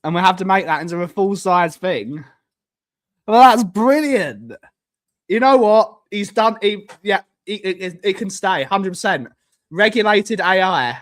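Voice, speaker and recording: A man's voice: high-pitched, moderate pace, a bit bright. Rambling, joking man streaming live. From United Kingdom. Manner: rambling, repeats himself, jokey. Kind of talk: casual live-stream chat.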